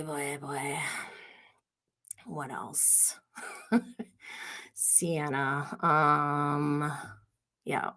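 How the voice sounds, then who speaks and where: A woman's voice: fairly low pitch, pushed and bright. A woman hosting a podcast livestream, chatting casually and gossiping, laughing often as she tells stories. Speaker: podcast host.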